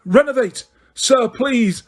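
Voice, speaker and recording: Desperate teen wizard boy, loud and pushy, voice cracking, a man reads him. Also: very high voice, takes it slowly, voice pushed up, full character voice. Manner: urgent, cracking pleas. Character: teenage boy wizard, frantic and urgent. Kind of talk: audiobook character reading.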